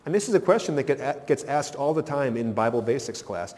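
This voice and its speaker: A man's voice: a little high, a little fast, hardly any pauses, darkish tone. Man, pastor, sermon, emphatic delivery, echoing church hall. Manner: emphatic, rising and dropping for effect.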